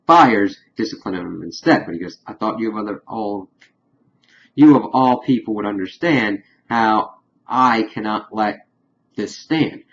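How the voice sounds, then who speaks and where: A man's voice: lowish voice, dull audio. A man casually recapping a TV episode, rambling and repeating "of course" as he loosely quotes the characters. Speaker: TV episode reviewer.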